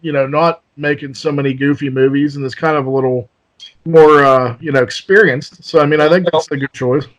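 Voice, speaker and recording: A man's voice: on the high side, fairly even intonation, a little fast, rough recording. A man hosting an interview show, chatting casually, laughing along and teasing his guest. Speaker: show host.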